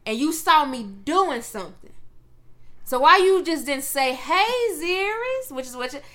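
High, bright-voiced profane woman. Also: lively intonation, moderate pace. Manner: brash, profane storyteller acting out quotes. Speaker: podcast co-host. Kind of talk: casual chat.

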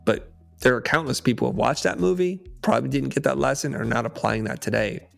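Gravelly-voiced male podcast guest. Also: mid-range voice, lively intonation, quick pace, faint music behind. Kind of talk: storytelling in conversation.

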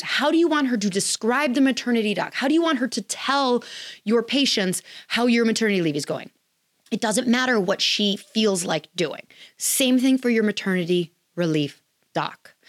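A woman's voice: fairly high pitch, dry recording, studio quality. A woman hosting a podcast, giving blunt, candid advice in a casual chatty way with plenty of fillers. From Wisconsin, US. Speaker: podcast host advising chiropractors.

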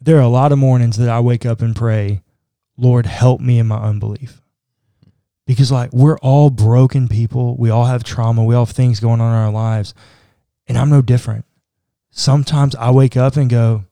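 Male pastor, podcast host; warm, unhurried tone, conversational and sincere. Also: mid-range voice, steady tone, dry recording, clean studio sound. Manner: earnest, conversational, says "like" often. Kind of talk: podcast discussion.

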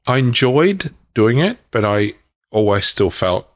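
A middle-aged man, a podcast guest, telling his life story frankly, with halting restarts and the odd swear word. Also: mid-range voice, sing-song. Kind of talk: candid personal storytelling.

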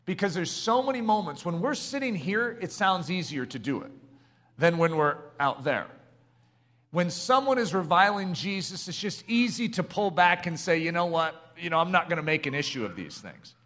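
A middle-aged man preaching a sermon, passionate and building to emphatic shouts. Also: high voice, very animated, moderate pace.

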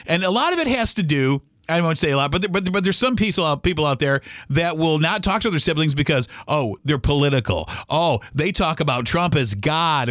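A man's voice: fairly high pitch, a bit bright, dry recording, clean studio sound. Rambling man on a solo podcast. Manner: rambling, heated, full of restarts and acted-out quotes. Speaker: podcast host.

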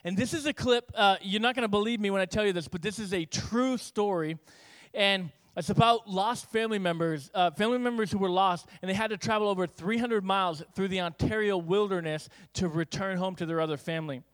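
A man's voice: high voice, brisk, clear, resonant tone. A man preaching a sermon as pastor, telling stories with acted-out dialogue. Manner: animated storytelling with acted-out dialogue.

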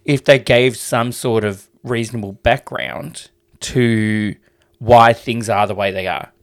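Guy rambling on a chatty podcast, mid pitch, lots of ums, swears a bit. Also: fairly even intonation, slow. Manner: rambling, hesitant, swears freely. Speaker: podcast co-host. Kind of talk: casual chat.

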